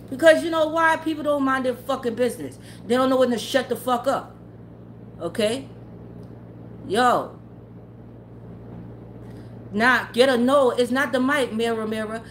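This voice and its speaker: A woman's voice: high-pitched, a little hiss or hum. Blunt, profane woman ranting to her chat. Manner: blunt, profane, heated, often laughing. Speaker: tarot livestreamer. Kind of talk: profane casual rant to live chat.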